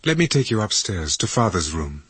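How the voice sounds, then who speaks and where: A man with a husky voice reading the lines of a young woman who speaks in a light, earnest, affectionate way. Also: fairly low pitch, big pitch swings, brisk, a bit bright, dry recording, heavily acted.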